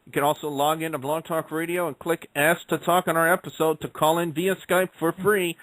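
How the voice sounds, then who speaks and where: A man's voice: a little high, fairly bright tone, no echo, poor audio. A man hosting an online wrestling talk radio show, recapping the week with rambling, jokey asides. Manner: rambling, jokey, repeats lines for laughs.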